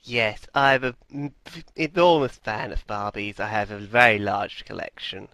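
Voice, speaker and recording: A man voicing a creepy grown man who collects dolls, in a lowered, creepy voice, as part of an improvised comedy bit. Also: normal speed, sharp tone, no echo. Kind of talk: improvised comedy role-play.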